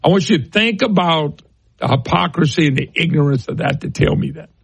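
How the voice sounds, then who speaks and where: A man's voice: fairly high pitch, a little fast, vocal fry, breathy edge, no echo. A middle-aged man hosting a political talk radio show, ranting scornfully and firing off rhetorical questions.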